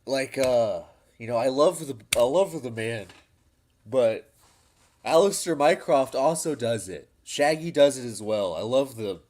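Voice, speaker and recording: A man's voice: mid-range voice, expressive, measured pace, darkish tone. A man chatting casually on a podcast, laughing often and swearing freely. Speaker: podcast co-host. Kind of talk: casual crude banter.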